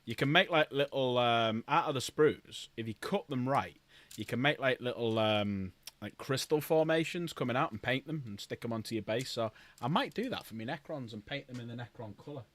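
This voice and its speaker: A man's voice: mid-range voice, lively intonation, moderate pace, a bit bright. A man streaming casually, chatting and rambling to viewers while building models. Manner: rambling, chatty, talks to chat.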